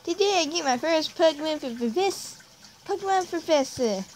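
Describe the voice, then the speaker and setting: Casting: woman voicing a keen boy adventurer, higher voice, faint hiss behind. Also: animated, moderate pace, a little mellow. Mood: eager. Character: eager boy hero setting out on adventure.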